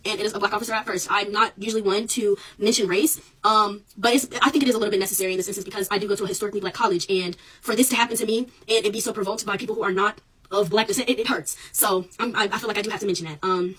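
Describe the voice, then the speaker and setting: A young woman telling her own story into a phone camera, rapid and emphatic, her voice rising as she relives the argument. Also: mid-range voice, a bit bright, husky, distant mic, poor audio. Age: young adult. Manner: rapid, emphatic, raises voice when reliving the clash. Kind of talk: casual social media recording.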